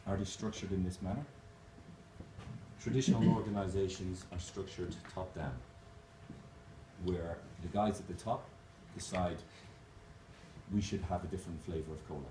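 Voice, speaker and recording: A man giving a motivational conference keynote, animated and jokey, speaking straight to the crowd. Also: low voice, moderate pace, pauses often. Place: conference hall. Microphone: distant camera mic. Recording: echoey hall, distant mic, noisy room.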